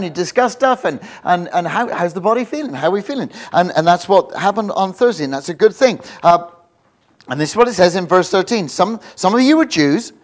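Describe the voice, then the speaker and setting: A man giving an informal, jokey sermon, rambling with many restarts. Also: sits high. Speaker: visiting preacher.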